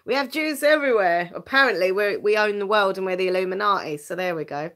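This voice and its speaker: This chatty host from Essex, England, talks fast in a mid-range, fairly bright voice while reading viewer comments on a casual live stream. She laughs a lot, jokes at her own expense, and repeats words when starting sentences.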